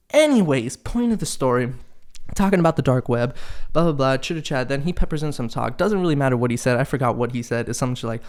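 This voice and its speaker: A young man hosting a casual solo podcast, telling stories in an animated, profane, exasperated way. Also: medium pitch, a little fast. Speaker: podcast host.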